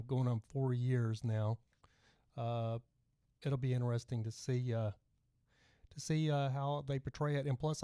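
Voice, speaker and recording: A middle-aged man with a soft Texan twang hosts a casual livestream podcast, rambling along and reading out comments from viewers. His voice is mellow and dark. The sound is dry and close, with no room echo. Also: mid-range voice. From Texas. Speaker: podcast host.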